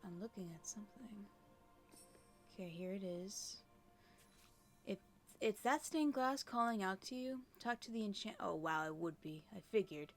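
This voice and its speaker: A woman's voice: mid-range voice, animated, moderate pace, pauses often, faint music behind. A woman giving casual gameplay commentary, chatty and often dropping into murmured, whispered asides. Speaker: let's play creator.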